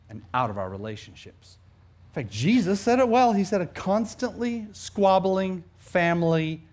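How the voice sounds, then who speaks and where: A middle-aged pastor delivers a sermon, his voice sitting a little high as he alternates between loud, emphatic lines and quiet asides.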